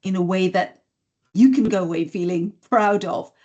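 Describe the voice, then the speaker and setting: A woman, a voice and communication skills trainer, explaining communication habits in a podcast interview in a measured, instructive way. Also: mid-range voice, a little mellow, muffled recording. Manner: measured, instructive, demonstrates intonation examples.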